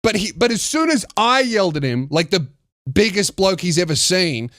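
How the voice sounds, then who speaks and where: High-voiced man telling a heated, sweary story. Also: very animated, moderate pace, a bit bright, no echo, studio quality. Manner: profane, heated, with frequent restarts. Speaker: podcast host and comedian. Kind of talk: comedic storytelling. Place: podcast studio.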